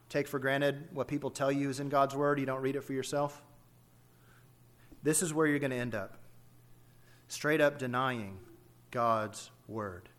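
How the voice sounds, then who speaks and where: A man's voice: mid-range voice, a bit bright. A man preaching an expository sermon, emphatic and full of rhetorical questions.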